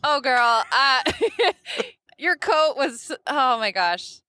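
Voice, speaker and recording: A woman's voice: high-pitched, sing-song, extremely slow, sharp tone, dry recording. A woman co-hosting a podcast in casual chat, laughing often as she talks. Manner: giggly, laughs often while talking. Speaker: podcast co-host.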